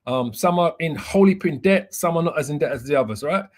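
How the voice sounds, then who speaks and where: A man with a slightly higher voice teaches from scripture as a bishop. He laughs at himself and trips over pronunciations as he goes. The delivery is loose and unscripted. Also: lively intonation, fairly quick. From United Kingdom. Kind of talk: Bible teaching.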